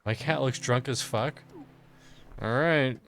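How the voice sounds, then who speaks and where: A man's voice: mid-range voice, slow pace, gravelly, fairly bright tone, a little hiss or hum. A man streaming a game live, chatting crudely and jokingly with his chat while a bit drunk. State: tipsy.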